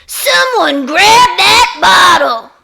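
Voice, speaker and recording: A woman's voice: extremely high pitch, sing-song, extremely slow, vocal fry, bright, forceful tone, voice pushed up, heavily acted. A woman voicing Missus Dugan, a flustered middle-aged cafeteria worker, exclaiming in a storybook reading. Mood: frantic. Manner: frantic, exclaiming.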